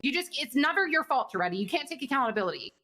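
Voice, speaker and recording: A young woman in a heated, profane in-character argument, ranting fast and angrily. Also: high-pitched, very animated, pushed and bright, slight background noise. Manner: angry, profane, rapid rants. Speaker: roleplayer in police department.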